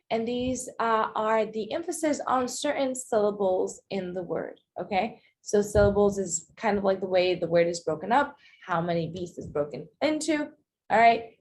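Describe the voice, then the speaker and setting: A woman's voice: a little high, a little hiss or hum. A woman teaching English pronunciation in a casual video lesson, explaining step by step and often checking in with "okay" and "all right".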